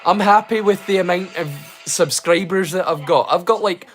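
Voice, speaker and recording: A man's voice: high voice, moderate pace, faint music behind. A man from Scotland hosting a livestream, drunk and rambling, swearing casually and putting himself down. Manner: rambling, swearing, self-deprecating. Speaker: livestream host.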